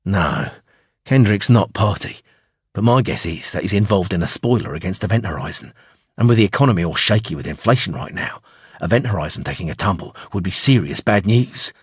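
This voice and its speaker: Street-smart young woman, slangy and blunt, a man reading her in an audiobook; husky, dry sound. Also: deep voice, animated, brisk, no room sound, pitched below the performer's own voice, exaggerated voice.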